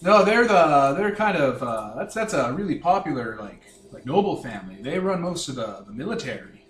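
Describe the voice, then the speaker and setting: A man's voice: fairly high pitch, very animated, moderate pace, a bit bright, far from the mic. A man putting on a smug Canadian-sounding nobleman. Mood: chatty. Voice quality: folksy, condescending, chummy drawl. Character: smug male Borkin noble with put-on Canadian accent. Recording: echoey room with faint music.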